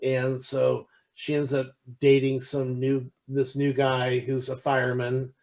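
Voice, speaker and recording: Guy rambling about a movie on a podcast, lots of uh and restarts, mid pitch. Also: monotone, slow pace, gravelly, a little mellow. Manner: rambling with many restarts and fillers, acts out quoted lines. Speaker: podcast co-host. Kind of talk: casual chat.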